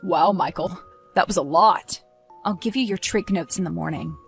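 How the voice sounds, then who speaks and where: A woman's voice: lowish voice, normal speed, vocal fry, soft background music. A woman voicing a smug blackmailing teen boy. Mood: mocking. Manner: smug, mocking, coolly threatening. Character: smug manipulative teenage boy, blackmailing twin.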